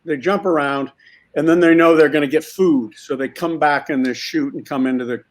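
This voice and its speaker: A man with a slightly high voice tells a story from a film set, slipping into little voices for everyone in it. He talks loosely and keeps restarting his sentences. He is recorded remotely as a guest on a talk show. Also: moderate pace. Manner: animated storyteller acting out voices. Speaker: actor guest. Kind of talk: casual anecdote telling.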